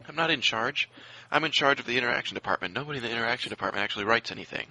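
Gravelly, sharp-toned podcast co-host man. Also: mid-range voice, rapid-fire, low-quality recording. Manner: incredulous, questioning. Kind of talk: casual podcast banter.

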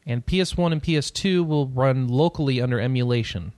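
A man hosting a casual gaming news podcast, reading news items and adding relaxed asides. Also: medium pitch, fairly quick, dry recording, clean studio sound. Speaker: podcast host.

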